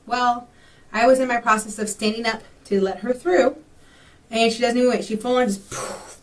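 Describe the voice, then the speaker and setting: A woman's voice: mid-range voice, recorded from a distance. A young woman from Texas telling a rambling personal story in a casual vlog, full of ums and likes. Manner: chatty, rambling, with many fillers. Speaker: vlogger.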